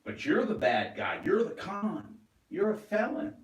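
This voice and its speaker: A man's voice: high-pitched, big pitch swings, unhurried. Agitated rambling man, echoey and distant. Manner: agitated, rambling, swearing, flares into loud outbursts. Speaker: vlogger. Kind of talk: rambling monologue. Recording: roomy echo, away from the mic.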